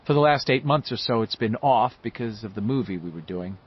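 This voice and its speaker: A man voicing a middle-aged writer who speaks in a subdued, measured way, in a dull lo-fi audiobook recording. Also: mid-range voice, expressive, slight background noise, close to an everyday voice.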